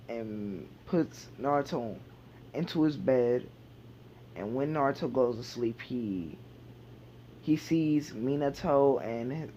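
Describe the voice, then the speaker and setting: A man's voice: mid-range voice, darkish tone, slight background noise. A man casually retelling a fan fiction idea, rambling with many fillers and restarts. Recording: dull lo-fi home recording.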